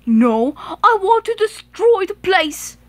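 A woman's voice: high voice, takes it slowly, no echo. Duncan, a woman voicing a grumpy bossy engine. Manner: loud, bossy and greedy. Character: grumpy demanding male engine. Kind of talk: homemade toy play-acting.

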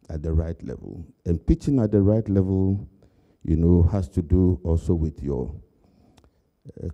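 Deep-voiced older man speaking. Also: warm tone. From Ghana. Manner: conversational, anecdotal, laughs at own jokes. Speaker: keynote speaker. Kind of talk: keynote speech.

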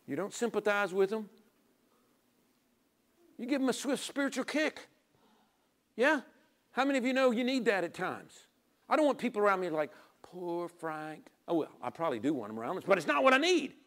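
High-voiced preacher swinging loud to hushed. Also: male voice, sing-song, fairly quick, pauses often. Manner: swings from loud urging to quiet near-whispers; acts out little dialogues with God and people. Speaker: pastor. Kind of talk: sermon.

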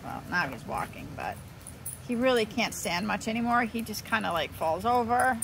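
A woman in her thirties vlogging outside on a windy day, her voice sitting a little high. Her talk is chatty and scattered, jumping from one thing to the next as she films on a handheld camera. A faint hiss of noise runs underneath. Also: animated, normal speed, vocal fry, fairly bright tone. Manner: chatty, scattered, flits between topics. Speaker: vlogger, homeschooling mom. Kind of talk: casual vlog.

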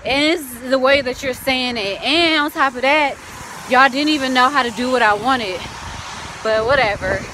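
A bright, forceful, high female voice moves at normal speed with a bit of background noise. She's casually vlogging, addressing her audience as "y'all" and telling stories as she walks beside a lake and later cooks at home.

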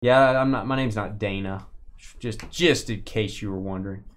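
A man's voice: lowish voice, moderate pace. Man chatting and calling out cards. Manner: teasing, chatty, calls out player names loudly. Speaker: card break host. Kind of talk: live-stream card break chat.

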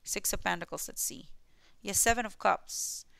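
This tarot reader speaks at a moderate pace in a mid-range, creaky, fairly bright voice with no echo. Her accent mixes Filipino and New Zealand, and she reassures viewers repetitively, frequently adding "okay?".

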